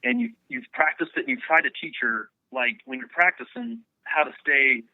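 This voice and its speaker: A man telling an animated bowhunting story as a guest in an interview. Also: a little high, moderate pace, no echo, narrow, tinny audio. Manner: excited, rambling storyteller.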